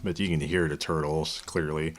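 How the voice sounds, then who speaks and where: Man, very low voice, podcast co-host, relaxed movie chat. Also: normal speed. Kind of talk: casual movie discussion.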